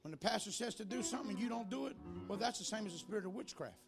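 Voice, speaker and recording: A man preaching at a church service, telling stories with animation and building to shouted preaching. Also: high-pitched, expressive, racing, vocal fry. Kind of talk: sermon with storytelling. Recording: music under the preaching. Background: church music.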